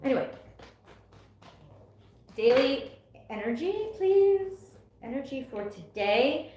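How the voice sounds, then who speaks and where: Livestreaming a relaxed tarot reading from a very echoey room, an East Coast American woman speaks at normal speed in a slightly high, expressive voice. She chats away, laughing a lot and exclaiming as each card is revealed.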